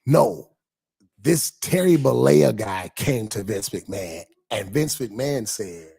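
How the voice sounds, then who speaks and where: A man hosting a pastor's livestream in a casual, animated way, repeating phrases and reading viewer comments aloud. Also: mid-range voice, takes it slowly, vocal fry, slightly rough.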